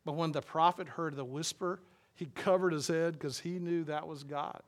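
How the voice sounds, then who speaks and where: A man's voice: a little high, moderate pace. Rambling, conversational male preacher. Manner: conversational, rambling, with frequent fillers. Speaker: pastor. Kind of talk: sermon.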